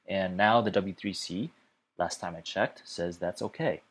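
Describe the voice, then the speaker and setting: Guy with a low voice doing a chill coding tutorial, says okay a lot. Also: measured pace. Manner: chatty, fills gaps with okay and uh. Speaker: web development tutor. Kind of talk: casual explainer lesson.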